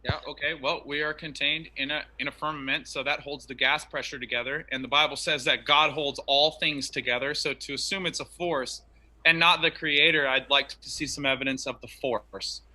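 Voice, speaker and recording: A man's voice: on the high side, steady tone, moderate pace, bright, forceful tone. A man arguing in an online debate, insistent and preachy as he makes his case.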